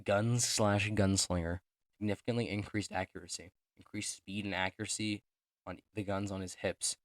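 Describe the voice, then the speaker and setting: A young man reading his own character profiles aloud, rushing through them with joking asides and stumbles. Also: lowish voice, steady tone, no echo, studio quality. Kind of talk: casual reading of written notes.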